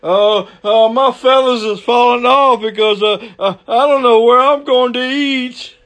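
A man's voice: very high-pitched, measured pace, fairly bright tone, voice pushed up. A man voicing a fretful little bird that stammers and whines about finding food. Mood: worried. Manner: whiny, stammering fret.

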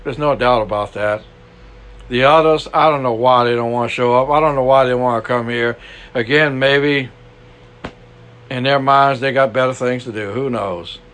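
An older man with a Cajun accent preaches a conversational sermon, full of asides, rhetorical questions and frequent "you know"s. His medium-pitched voice is a bit bright and moves at a moderate pace.

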